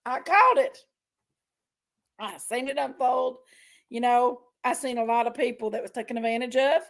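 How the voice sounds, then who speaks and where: A woman hosting a casual livestream chat, rambling and greeting each viewer by name with drawn-out, effusive exclamations. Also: a little high, vocal fry. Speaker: livestream host.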